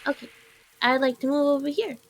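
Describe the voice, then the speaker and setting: A woman's voice: high voice, fairly even intonation, fairly quick, a little hiss or hum. A woman playing in a tabletop game, making short, playful calls. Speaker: player. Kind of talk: casual game chat.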